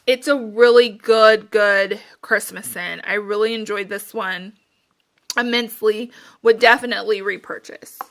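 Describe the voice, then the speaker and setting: Bright-voiced chatty woman reviewing candle scents. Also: medium pitch, fairly even intonation, unhurried. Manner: chatty, rambling, lots of fillers like "um" and "like". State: a little out of breath. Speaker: candle and wax melt reviewer. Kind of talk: casual chat.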